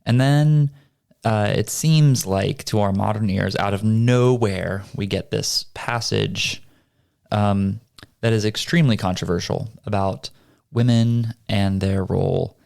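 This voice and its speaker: Man, church podcast host, low rough voice, casual and unhurried, lots of filler words. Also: a little mellow, dry recording, clean studio sound. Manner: thoughtful, halting with fillers. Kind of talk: casual Bible study chat.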